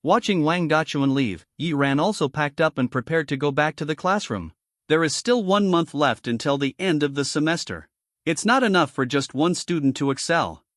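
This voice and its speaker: A man narrating a comic story recap in a steady scripted read. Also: on the high side, dry recording, clean studio sound.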